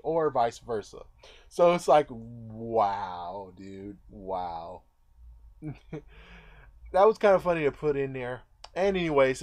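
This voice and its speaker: A man casually recapping a movie in a rambling way, now and then acting out the characters' lines. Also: medium pitch. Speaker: movie reviewer.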